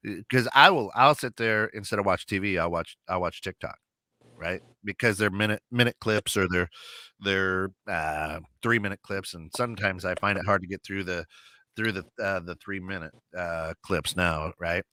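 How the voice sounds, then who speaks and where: A man's voice: sits low, normal speed, pushed and bright, no echo, studio quality. A man co-hosting an internet radio talk show, chatting casually and telling rambling stories full of restarts and acted-out quotes. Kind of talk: casual chat.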